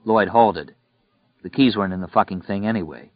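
Reading a scripted story aloud, a male audiobook narrator keeps his delivery steady and measured at a fairly low pitch. The audio is dull and lo-fi, with no room sound.

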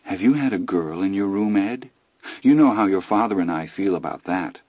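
A man narrator voicing a calm, cold, controlling middle-aged stepmother who speaks low and quietly cutting. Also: normal speed, no echo, highs cut off. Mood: icy calm.

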